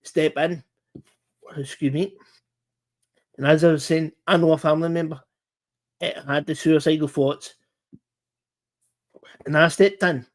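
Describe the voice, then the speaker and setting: A man hosting a casual live-stream chat, talking earnestly in halting bursts with many restarts and repeated words. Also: fairly high pitch, fairly even intonation.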